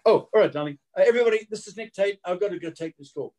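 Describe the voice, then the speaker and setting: A gushing, flustered casting lady, pitched up high and breathy, as a storyteller puts her on. She sounds busy and distracted, fluttering her words. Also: racing, warm tone, natural voice.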